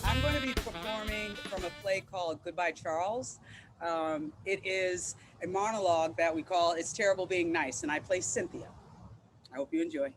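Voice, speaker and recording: A woman's voice: lowish voice, moderate pace, over music. A woman politely introducing the monologue she is about to perform. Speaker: performer introducing her piece. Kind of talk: brief stage introduction.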